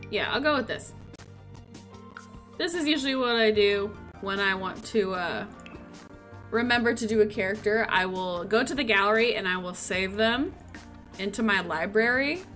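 A woman's voice: mid-range voice, moderate pace, a bit bright, faint music behind. A young woman casually narrating a life-sim game, telling the story with playful quoted asides. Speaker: gameplay narrator.

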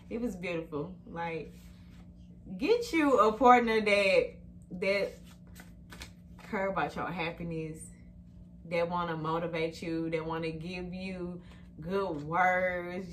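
A woman's voice: on the low side, fairly bright tone, slight background noise. A woman vlogging at home in a casual, chatty way, talking straight to her viewers on a phone camera.

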